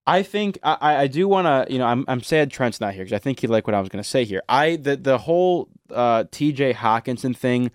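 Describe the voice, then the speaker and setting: A young man co-hosts a sports talk show in an easygoing, agreeable way and laughs quickly. His voice sits at a middle pitch. It is recorded close and dry in a small studio. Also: lively intonation, no echo. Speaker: co-host. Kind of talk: casual sports chat.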